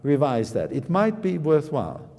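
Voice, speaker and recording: A man's voice: fairly high pitch, huge pitch swings, moderate pace. Man coaching in a reverberant hall. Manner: sings phrases with pa and da syllables, emphatic. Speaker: piano teacher. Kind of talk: master class coaching. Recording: long reverb of a hall with loud piano. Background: piano playing.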